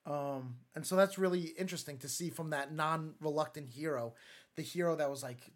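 Male speaker, relaxed church talk, slightly high pitch, conversational with restarts and quoted voices. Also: moderate pace. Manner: conversational, many fillers and restarts, acts out quotes. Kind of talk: casual sermon talk.

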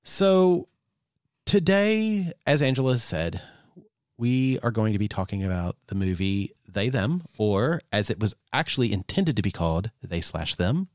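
A man's voice: on the low side, very animated, measured pace, a little mellow, no room sound, clean studio sound. An American man co-hosting a podcast, joking playfully and stumbling over fillers. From United States. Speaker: podcast co-host. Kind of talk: casual podcast chat.

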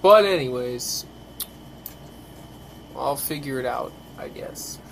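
A man's voice: mid-range voice, expressive, takes it slowly, vocal fry, fairly bright tone, a little hiss or hum, low-quality recording. A tired man hosting a podcast in casual chat, grumbling and swearing often. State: tired, yawning. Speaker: podcast host.

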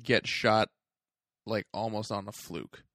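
A man's voice: fairly low pitch, slow pace, a bit bright, no echo, clean studio sound. A man co-hosting a podcast, from Canada, rambling through a movie recap with lots of filler words. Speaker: podcast co-host. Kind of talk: casual movie review chat.

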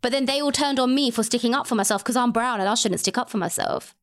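Animated young woman chatting. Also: fairly high pitch, fast. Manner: animated, swearing, acts out quotes. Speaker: podcast co-host. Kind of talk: casual chat.

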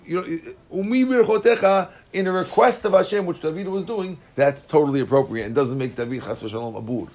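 A man with a slightly high voice teaches a Talmud class. He reads Aramaic and Hebrew phrases and explains each in plain terms, with lively energy.

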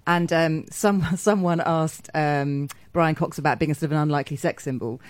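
A woman's voice: deep voice, moderate pace, no room sound. A woman guest on a studio chat podcast, a TV critic who talks bluntly, swears and laughs often. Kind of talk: casual chat.

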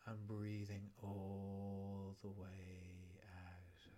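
A man leads a guided breathing session in a calm, soothing voice that often drops to a whisper. His voice sits low and level, with very little rise and fall. He speaks unhurriedly. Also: extremely slow, slight background noise.

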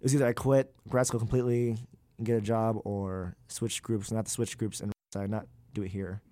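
A man's voice: fairly low pitch, flat delivery, normal speed, dark tone, no echo, clean studio sound. A young man, a graduate student, talking candidly in an interview, with many fillers and loose, rambling sentences. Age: young adult.

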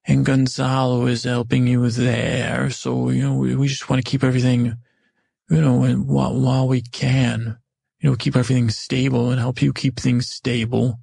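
A man's voice: mid-range voice, little pitch movement, moderate pace, gravelly, a little mellow, breathy edge, no echo, clean studio sound. A man voicing a nervous, placating male royal advisor who rambles and hedges.

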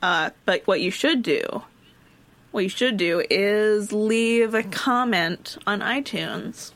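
A woman's voice: mid-range voice, a bit bright. A woman co-hosting a history podcast, chatting casually with lots of jokes and laughter. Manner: giggly, jokey, quick asides. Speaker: podcast co-host. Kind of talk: casual chat.

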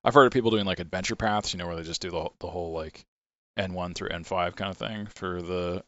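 A man hosting a podcast, relaxed and asking his guest follow-up questions. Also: low-pitched, fast, muffled recording. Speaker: podcast host. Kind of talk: casual podcast interview.

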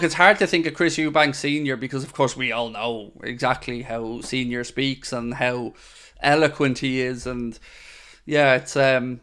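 The speaker is a young male podcast host with a mid-range, fairly bright voice. He chats loosely and opinionatedly while reading out live-chat comments, peppering his talk with fillers and asides.

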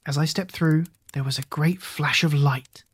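A reader narrating a novel in the first person with a steady, measured delivery. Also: medium pitch, husky. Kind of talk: audiobook narration.

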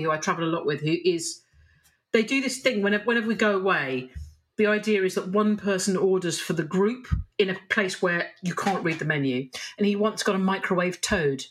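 A woman chatting as a podcast guest, rambling from one enthusiasm to the next and swearing freely. Her voice has a bright, forward tone. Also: mid-range voice, expressive, a little fast, low-quality recording. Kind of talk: casual chat.

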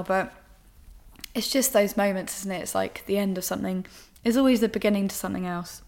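A woman's voice: fairly low pitch, little pitch movement, quick pace. A young woman hosting a podcast, talking frankly and emotionally about her own life, with casual swearing. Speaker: podcast host. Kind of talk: candid personal monologue.

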